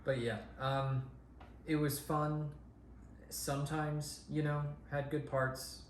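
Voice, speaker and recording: A man's voice: fairly high pitch, flat delivery, slow. A man co-hosting a podcast, giving a casual movie review with lots of ums and restarts. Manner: rambling, many ums and restarts. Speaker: podcast co-host. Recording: echoey room with faint hiss.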